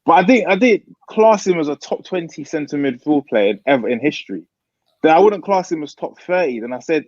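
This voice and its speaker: A man's voice: a little high, expressive, brisk, darkish tone, no room sound, muffled recording. A man in casual football banter, arguing his point with rhetorical questions. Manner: argumentative, explains with rhetorical questions. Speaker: co-host.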